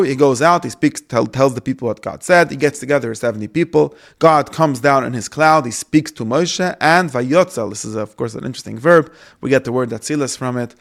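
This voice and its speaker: A man giving a casual Torah lesson, paraphrasing the verses and acting out the quoted speakers in a lively way. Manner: lively, acts out the quoted speakers with rising pitch. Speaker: Torah teacher.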